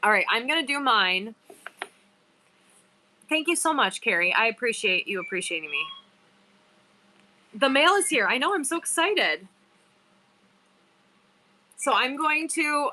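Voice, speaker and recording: Chatting casually with her livestream audience, a seller reads viewers' bios aloud as she hosts. She speaks slowly and animatedly, pausing often, in a fairly high, sharp-toned voice.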